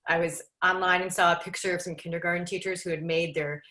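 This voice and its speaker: A woman with a somewhat low voice shares a personal story in a candid, casual way. The sound is echoey, as if she is in a bare room. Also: flat delivery, fast talker, pushed and bright. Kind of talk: casual chat.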